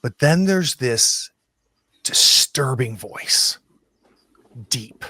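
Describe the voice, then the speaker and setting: A man runs a tabletop horror game, taking his time and stopping often to restart his thoughts. His pitch sits at a middling level, and his speech is slow and unhurried. The sound is dry and close, with no room around it. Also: lively intonation, sharp tone, no room sound. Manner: slow, hesitant, many ums and restarts. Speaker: game master.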